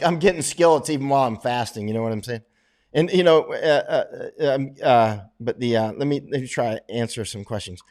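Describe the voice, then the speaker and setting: An American man with a drawl hosts a casual livestream chat, answering viewers in a middling-pitched voice. He rambles and often restarts sentences, leaning heavily on "uh" and "you know."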